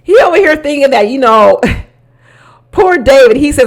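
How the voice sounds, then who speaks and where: A woman's voice: high voice, lively intonation, normal speed, pauses often. A woman giving casual, opinionated commentary as a reality show recap host, often indignant and laughing.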